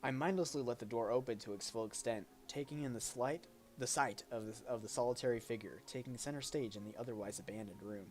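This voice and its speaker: A man's voice: mid-range voice, quick pace, hardly any pauses, a little mellow, faint music behind. Man reading a visual novel aloud. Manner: reads aloud with small slips, jokes with a friend. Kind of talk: reading a game's narration aloud.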